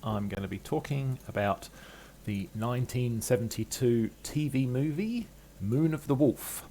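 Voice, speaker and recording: A man's voice: medium pitch, expressive, measured pace, warm tone. An older man giving a chatty, wry film review, full of ums and uhs. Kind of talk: casual film review monologue.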